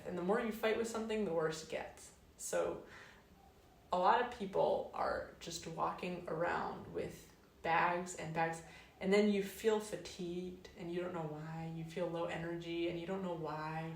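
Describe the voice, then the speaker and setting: A woman talking through ideas in a reflective, casual monologue, unhurried and searching, drawing out words and trailing off softly. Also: distant mic. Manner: unhurried, searching, drawn-out phrasing with soft trailing lows. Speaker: wellness host. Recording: roomy, mic set back.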